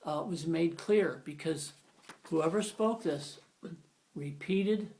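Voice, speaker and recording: With a fairly high but darkish voice and a slow pace, a male grammar teacher gives a loose, rambling lesson. He's conversational and keeps correcting himself mid-explanation.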